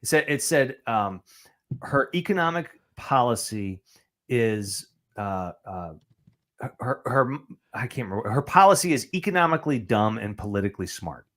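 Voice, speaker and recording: A man's voice: mid-range voice, expressive, normal speed, a bit bright. A man co-hosting a podcast who chats bluntly and mockingly about politics, sometimes stumbling for words. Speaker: podcast co-host. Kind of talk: casual political chat.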